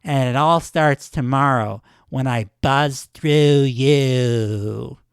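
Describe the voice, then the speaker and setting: A man voicing a brash, boastful woman wrestler who cuts a loud taunting promo. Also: medium pitch, drawn-out words, clear, resonant tone, dry recording, clean studio sound.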